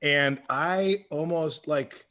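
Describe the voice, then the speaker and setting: A man's voice: fairly high pitch, slow pace, noisy background. A man co-hosting a comedy podcast, chatting casually and telling rambling stories with frequent laughter. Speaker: podcast co-host.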